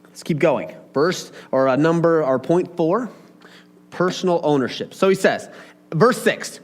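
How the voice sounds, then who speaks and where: Lively, chatty man preaching. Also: on the high side, a little slow. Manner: chatty and animated, talks to the audience with asides. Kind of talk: casual sermon to a congregation.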